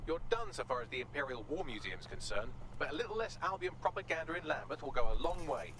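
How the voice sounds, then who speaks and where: An actor voicing a male resistance contact in a video game, giving a brisk briefing. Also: a little high, big pitch swings, background noise.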